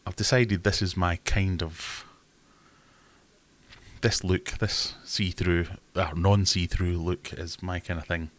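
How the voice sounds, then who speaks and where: A man's voice: sits low, fairly even intonation, takes it slowly. A man hosting a casual live stream, chatting in a rambling, self-deprecating way.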